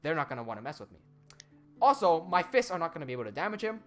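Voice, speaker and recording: A young man telling a story in casual chat, animated, with quick asides and swearing. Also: on the high side, soft background music.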